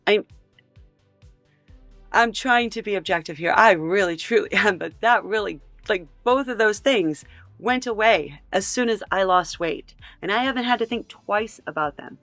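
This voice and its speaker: Hosting a reaction video, a woman offers commentary that sounds exasperated, incredulous and emphatic. Her mid-range voice has a slightly bright quality, and the recording carries no room sound.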